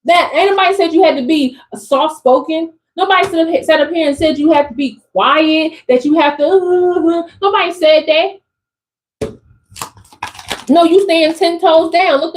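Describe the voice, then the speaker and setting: High-voiced woman giving an animated tarot reading. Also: a little slow, low-quality recording. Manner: animated, exclamatory, talks straight to the audience; casual slangy speech. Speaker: tarot reader. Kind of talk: channeled tarot reading to viewers.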